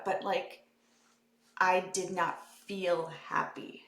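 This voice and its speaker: A woman's voice: medium pitch, a little slow. Candid woman host in echoey room. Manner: candid, chatty, swears casually. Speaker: podcast host. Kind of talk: casual conversation.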